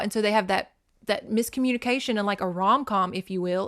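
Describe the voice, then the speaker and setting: A woman hosts a casual podcast and recaps a novel scene by scene. She is sarcastic and curses freely. Her voice sits at an ordinary middle pitch. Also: fast, a bit bright. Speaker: podcast host.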